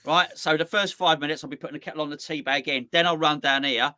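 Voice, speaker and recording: Bright-voiced chatty man, dry sound. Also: on the high side, steady tone, fast, no room sound. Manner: chatty, stammering restarts. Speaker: co-host of a football fan channel. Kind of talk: casual chat. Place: home.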